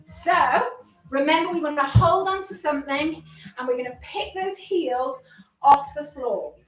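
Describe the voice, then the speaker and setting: Very high-voiced lady fitness instructor, slow and encouraging, a bit puffed out, echoey room with faint music, sounds far from the mic. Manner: upbeat, encouraging, chatty with self-deprecating jokes. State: a bit out of breath while exercising. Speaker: exercise instructor. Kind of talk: live workout class instruction.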